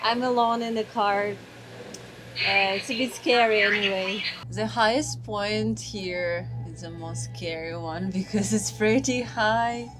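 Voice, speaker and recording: A woman's voice: mid-range voice, fairly even intonation, unhurried. A young Russian woman vlogging outdoors in winter with a Russian accent, chatting casually, exclaiming in wonder and hunting for English words. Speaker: travel vlogger. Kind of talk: casual travel vlog narration. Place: outdoors in a snowy city, in winter. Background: background music.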